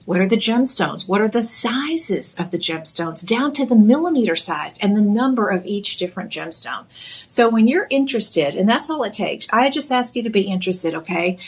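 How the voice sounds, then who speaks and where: A woman's voice: medium pitch, husky. A woman with a Texan accent hosting a live jewelry shopping show, chatty and upbeat with casual fillers. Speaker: shopping channel jewelry host.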